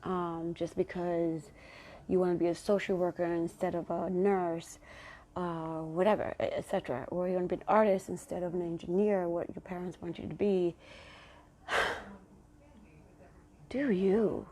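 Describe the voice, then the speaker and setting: A woman's voice: lowish voice, level tone, moderate pace, pauses often, mellow. A woman hosting her own podcast, talking casually and affectionately to her listeners with pep-talk encouragement. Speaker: podcast host. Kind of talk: casual solo podcast monologue.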